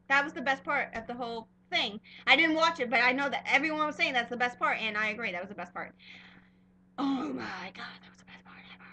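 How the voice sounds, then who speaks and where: Gushing young woman, high bright voice. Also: a little hiss or hum. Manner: gushing, rambling fan talk with many fillers. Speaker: fan vlogger. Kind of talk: casual vlog chat.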